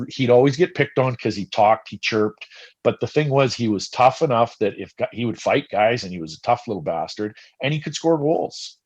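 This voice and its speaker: A middle-aged man, a former pro hockey player, casually telling animated, profane stories and often restarting his sentences. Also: medium pitch, highs cut off. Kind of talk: casual storytelling.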